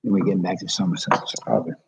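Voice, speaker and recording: A man's voice: sits low, lively intonation, quick pace, creaky, breathy edge. A man in a public library rambling emotionally and confessionally on a livestream to his viewers. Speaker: vlogger. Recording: dull lo-fi livestream audio.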